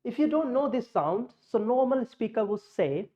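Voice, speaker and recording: A woman teaching pronunciation, slowly modeling vowel sounds against each other. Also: fairly high pitch, expressive. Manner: slow, explanatory, models sounds in contrast. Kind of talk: pronunciation lesson with slides. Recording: muffled lo-fi audio.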